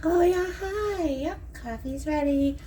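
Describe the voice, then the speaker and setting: Rambly woman vlogger at home, kinda high voice, recorded from across the room, noisy background. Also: slow pace, dark tone. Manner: chatty, rambling, jokey. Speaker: vlogger selling nail strips. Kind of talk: casual chat to camera. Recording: distant mic with clear background noise.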